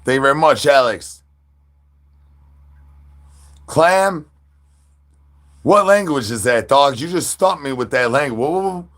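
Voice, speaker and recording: A man's voice: medium pitch, lively intonation, a little slow, pauses often, a bit bright. A man chatting with viewers on a livestream while standing outdoors, playful and full of goofy catchphrases and animal noises.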